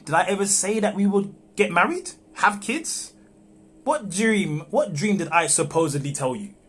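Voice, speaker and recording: A man reading a young man who is backing out of an affair with a married woman, calm and measured, in a live script read-through over a phone. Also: high voice, husky, heavily acted. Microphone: phone on a livestream.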